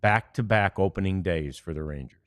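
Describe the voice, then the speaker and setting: A man's voice: low voice, fairly quick, smooth, dry recording, studio quality. A man from the United States hosting a sports podcast, chatting easily with many fillers and reading ads. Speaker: podcast host. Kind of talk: casual sports podcast chat, ad reads.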